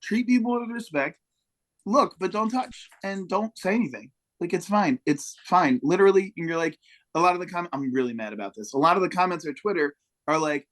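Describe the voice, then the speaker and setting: Animated man telling stories. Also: brisk. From United States. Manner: animated storyteller, mimics heckles with high shouts. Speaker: podcast co-host. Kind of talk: casual chat.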